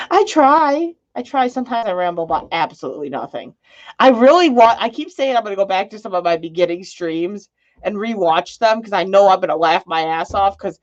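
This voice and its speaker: A woman chatting on her live stream, answering her viewers in a loose, rambling way. She jokes and laughs often. Her voice sits in a middle register, and the stream audio sounds dull and lo-fi. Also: medium pitch. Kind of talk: casual live-stream chat reading comments.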